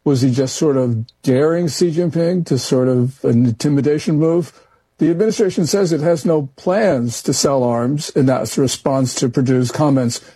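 Gravelly, dark-voiced male questioner. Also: mid-range voice, normal speed, no echo, rough recording. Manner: probing, questioning. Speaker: co-host asking questions. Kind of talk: interview questions.

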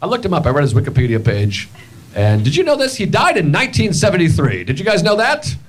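A man performing a stand-up comedy set with deadpan, animated storytelling. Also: on the high side, quick pace. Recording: loud background noise. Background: audience laughter.

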